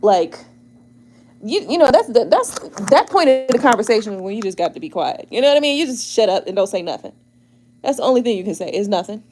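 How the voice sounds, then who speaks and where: Animated laughing woman chatting casually. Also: on the high side, fast. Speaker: tarot channel host. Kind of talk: casual chat to viewers.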